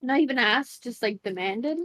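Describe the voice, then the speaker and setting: A woman's voice: fairly high pitch, expressive, normal speed, fairly bright tone. A woman chatting on a podcast, candid and blunt, with lots of "like" fillers. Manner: candid, blunt, uses "like" a lot. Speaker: podcast co-host. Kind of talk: casual podcast chat.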